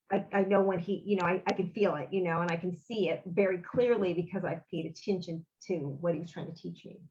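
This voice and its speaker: A woman's voice: on the low side, dull audio. A woman, a guest on an interview, telling a personal story in an earnest, rambling way and acting out the dialogue. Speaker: interview guest, author and bereaved mother.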